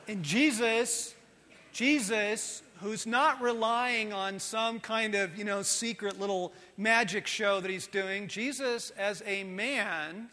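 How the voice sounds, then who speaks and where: A man preaches with a high, bright voice that leaps from loud bursts to hushed, tender lines. His sermon rings through a large hall with a long reverb tail. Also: slow pace. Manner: animated, swinging from loud to soft and intimate.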